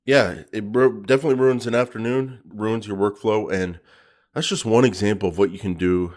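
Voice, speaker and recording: A man's voice: on the low side, steady tone, a little fast, darkish tone. A man co-hosting a podcast in casual chat, talkative, teasing and open. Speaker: podcast co-host.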